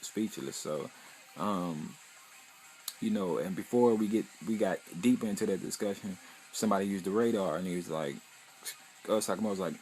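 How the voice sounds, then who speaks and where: A man's voice: low-pitched, normal speed, pauses often, darkish tone. A young man casually recapping an anime episode in a loose, rambling, profane way, full of "you know" fillers.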